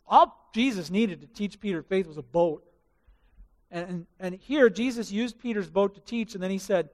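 A man preaching a sermon as pastor, telling the story in an animated way and asking the congregation questions. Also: sits high, big-room sound.

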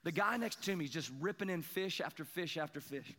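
A man preaching a sermon, telling a self-deprecating fishing story and building to excited emphasis. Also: a little high, brisk, long reverb tail. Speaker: pastor. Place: church sanctuary.

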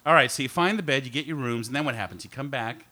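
A man's voice: mid-range voice, fast talker, a crowd in the background. A man hosting a casual podcast chat, asking playful, teasing questions. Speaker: podcast host.

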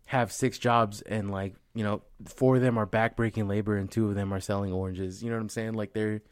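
A man's voice: on the low side, fairly even intonation, fairly quick, smooth, no echo, studio quality. Rambling, profane young man. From San Francisco Bay Area. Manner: rambling, profane, many "you know what I'm saying". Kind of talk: casual comedic chat.

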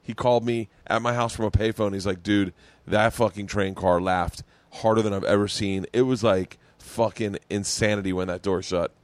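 A man's voice: on the low side, fairly even intonation, moderate pace, dry recording. A man hosting a podcast, telling stories in casual chat and acting out other people's lines as he goes. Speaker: podcast host.

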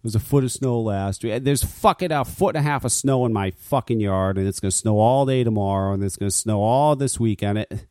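A man's voice: lowish voice, a little fast, hardly any pauses, darkish tone, dry recording, studio quality. A man hosting a talk radio show, ranting casually with lots of swearing and stammered restarts. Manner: profane, stammering rants.

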